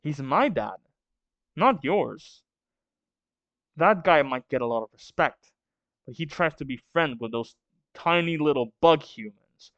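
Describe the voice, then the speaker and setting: A man's voice: fairly high pitch, animated, a little slow, long pauses, a bit bright, no echo, highs cut off. A man voicing a scornful, bullying young giant prince who mocks the weak, reading a manga aloud. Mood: sneering. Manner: sneering, mocking.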